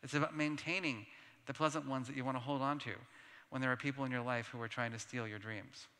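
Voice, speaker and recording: Bright-voiced man speaking in a hall. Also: medium pitch, quick pace, smooth. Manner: animated, self-deprecating storytelling with laughs. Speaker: keynote speaker. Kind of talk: conference plenary talk with personal anecdotes. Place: large conference hall. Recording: long reverb of a large hall.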